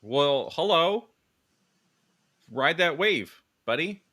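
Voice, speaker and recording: A man's voice: on the high side, slow, a crowd in the background. A man co-hosting a casual livestream chat, wisecracking and reading out chat names. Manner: lively, wisecracking, reads chat names aloud. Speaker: co-host.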